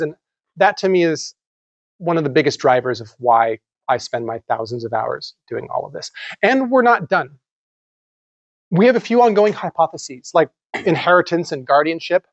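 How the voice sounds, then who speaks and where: A man giving a conference lecture in an animated, conversational way, with some casual swearing. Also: fairly high pitch, dry recording, muffled recording. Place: lecture room.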